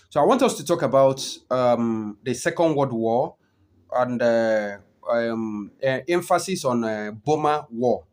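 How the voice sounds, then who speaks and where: A man giving an unscripted history lesson, often pausing with "okay" and "um" and repeating his key points. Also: medium pitch, a little mellow. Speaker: history teacher.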